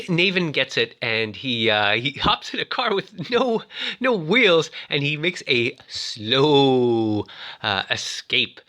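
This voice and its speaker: A man casually recaps a film's story with toys. He talks in a chatty way, full of fillers, and belts out the characters' lines as he goes. His voice is bright and very lively, with big swings in pitch. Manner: chatty, many "uh" fillers, shouts out quoted lines. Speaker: toy reviewer retelling a film.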